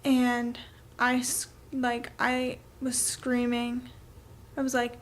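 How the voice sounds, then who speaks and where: High-voiced young woman vlogging casually. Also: monotone, slow pace, a little hiss or hum. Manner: chatty, filler-heavy with frequent "like" and "um". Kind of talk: casual storytelling to camera.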